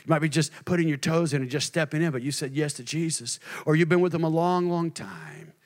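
A male pastor preaching a sermon, moving between hushed near-whispers and loud, shouted passages. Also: on the high side, expressive, fairly quick.

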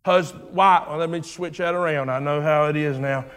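A male pastor delivering a sermon, swinging from rhythmic shouted lines down to low, hushed phrases. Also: fairly even intonation, moderate pace, clean tone, in a large hall.

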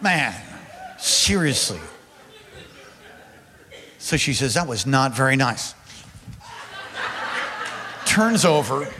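Animated high-voiced male preacher in a hall. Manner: animated, addresses congregation directly. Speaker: pastor. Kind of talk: sermon with personal storytelling. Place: large hall or church.

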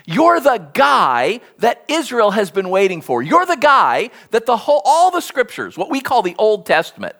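Animated preacher with swooping pitch. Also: moderate pace, few pauses. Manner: animated storytelling, acts out quoted speech. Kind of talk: sermon.

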